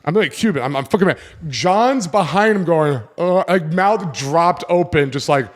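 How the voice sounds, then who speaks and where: A man in his twenties hosting a podcast, telling a personal story in a casual, animated way and acting out the voices of the people in it. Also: a little high, moderate pace. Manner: animated, acts out quoted voices, swears casually. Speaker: podcast host.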